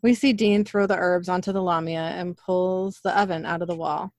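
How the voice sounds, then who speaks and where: A woman's voice: fairly low pitch, steady tone, moderate pace, darkish tone, no echo, clean studio sound. A woman co-hosting a podcast who chats casually and reads scene lines aloud with small laughs while recapping an episode. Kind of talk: casual chat and plot recap.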